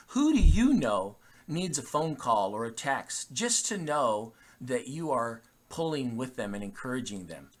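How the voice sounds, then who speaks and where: A man's voice: medium pitch, a bit bright. A man speaking as a pastor, giving a short, casual devotional message to his church with frequent restarts.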